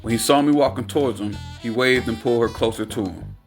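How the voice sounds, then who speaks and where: A man reading an audiobook aloud in a steady, unhurried narration. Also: medium pitch, faint music behind. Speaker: audiobook reader.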